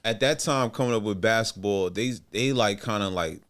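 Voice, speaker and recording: A man telling his basketball career story in a relaxed, slangy way, acting out what others said. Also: on the low side, normal speed, smooth. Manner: laid-back, slangy, acts out quoted dialogue. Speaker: podcast guest, former basketball player. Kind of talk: casual storytelling interview.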